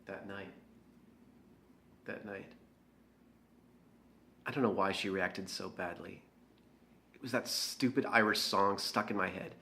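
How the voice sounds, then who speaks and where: A man's voice: deep voice, steady tone, slow pace, pauses often, bright, forceful tone, full character voice. An actor playing a bitter, jealous young man who has been drinking, confessing in a dramatic monologue for an audio drama. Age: young adult. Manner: sullen, defensive confession.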